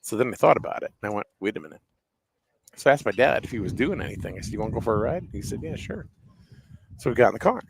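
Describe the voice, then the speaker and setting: A man's voice: lowish voice, animated, racing, vocal fry. A man giving casual baseball commentary outdoors at a windy ballpark, chatting and telling stories with easy jokes. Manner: chatty storyteller, easy joking.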